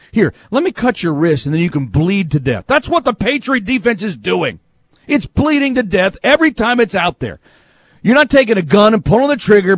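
Man, sports radio host, exasperated, high voice, very lively pitch. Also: no room sound. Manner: excitable, exasperated, yells for emphasis. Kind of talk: animated sports talk.

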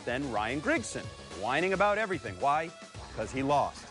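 A man's voice: big pitch swings, moderate pace, music in the background. A man in his thirties hosting a sports show with cocky, needling opinions. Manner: cocky, needling, swings pitch for emphasis. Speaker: host.

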